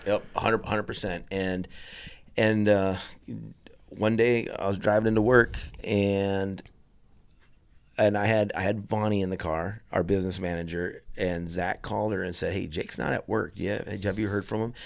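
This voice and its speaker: A middle-aged man with a very deep, gravelly voice talks in a low, even tone with little rise and fall. He tells a personal story earnestly and haltingly, often stopping and restarting his sentences. The sound is close and dry. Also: dry recording. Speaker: guest telling a personal story. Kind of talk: candid conversational storytelling.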